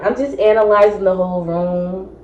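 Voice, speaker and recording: A young woman vlogger telling a casual storytime, acting out each quote with sudden jumps in pitch. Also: fairly even intonation, moderate pace, roomy sound, highs cut off.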